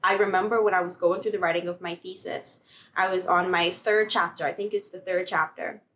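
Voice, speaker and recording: A woman's voice: fairly low pitch, a little fast, a little hiss or hum. Bubbly young woman telling a story. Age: young adult. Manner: animated storyteller, acts out quoted dialogue. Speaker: vlogger. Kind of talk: casual testimony vlog.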